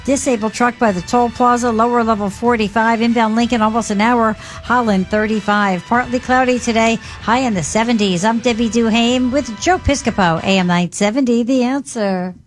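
A woman reading the morning traffic on the radio, rattling off highways and delays in a brisk, crisp, rapid delivery. Her voice sits fairly high, with a faint music bed playing underneath. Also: fairly even intonation. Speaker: traffic reporter. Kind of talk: rapid scripted traffic report.

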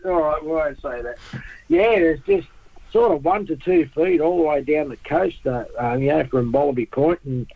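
A man's voice: on the high side, normal speed, vocal fry, phone-quality sound. Laughing Australian man on radio. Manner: laughs often, easygoing banter. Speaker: surf report presenter. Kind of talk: casual radio chat.

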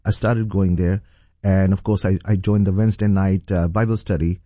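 A man's voice: low voice, steady tone, normal speed, dark tone, dry recording, clean studio sound. A middle-aged man from Pakistan, a pastor, earnestly telling his personal testimony as an interview guest. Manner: earnest, storytelling.

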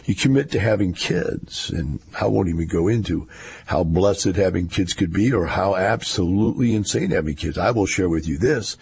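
A man's voice: deep voice, moderate pace, gravelly, darkish tone, a little hiss or hum. An older man, giving a rambling, folksy casual monologue with wry asides.

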